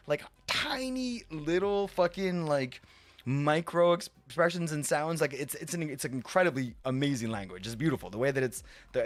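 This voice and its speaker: A man live-streaming a game in casual chat who rambles, repeats himself and swears offhand. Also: on the high side.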